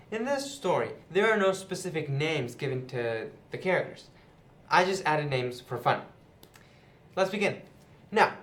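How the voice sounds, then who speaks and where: A man's voice: a little high, a bit bright. A young man retelling a Bible parable in a chatty, casual way, seated indoors. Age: young adult. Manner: chatty, with many fillers like "you know" and "right". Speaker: youth Bible teacher, channel host. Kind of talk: casual Bible lesson to camera. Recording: roomy echo.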